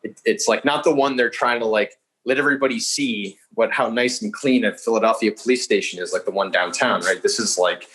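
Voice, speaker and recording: A young man appears as a podcast guest and tells a story, rambling quickly and casually with many fillers and free swearing. His voice is lowish with a fairly bright tone, and the audio quality is poor.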